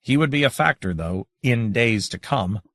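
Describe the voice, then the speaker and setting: A man narrating an audiobook in a measured, dramatic way. His pitch moves a lot as he reads. The recording is dry and close. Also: animated, fairly bright tone, dry recording. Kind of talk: scripted narration.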